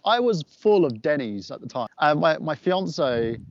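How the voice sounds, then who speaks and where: A man with an English accent, a former wrestler, telling animated, profane stories as a guest in a casual podcast chat. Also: fairly high pitch, moderate pace, hardly any pauses, lo-fi sound, slight background noise. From England.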